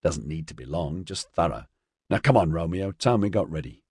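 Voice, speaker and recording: A man's voice: low voice, animated, normal speed, darkish tone, husky, no room sound, clean studio sound, exaggerated voice. A man voicing a brash young man who teases and mocks his friend in a storybook reading. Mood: teasing. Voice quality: mocking.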